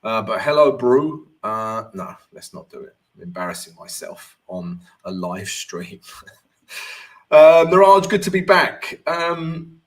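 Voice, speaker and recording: On the low side and a little slow, this man's voice belongs to a forex trading coach chatting casually on a live stream. He reads viewer comments aloud with cheerful greetings and answers them while talking through charts.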